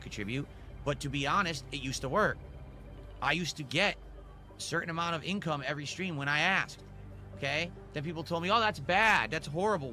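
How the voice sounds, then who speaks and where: A man's voice: medium pitch, bright, forceful tone. A man streaming and talking candidly and matter-of-factly to his audience. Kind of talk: casual stream talk to the audience.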